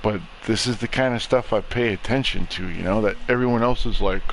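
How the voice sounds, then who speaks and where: A young adult man streaming a game, rambling through a profane, deadpan conspiracy rant. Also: fairly low pitch, brisk, gravelly, a little hiss or hum, poor audio. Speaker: gaming streamer. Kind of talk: casual chat while streaming a game.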